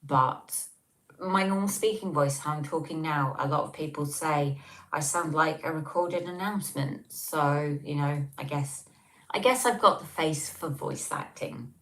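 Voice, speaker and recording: Speaking a little slowly in a low, fairly bright voice, an English woman hosts a casual livestream from home. She chats and reads comments, rambling with lots of ums, while a tablet on the table records her.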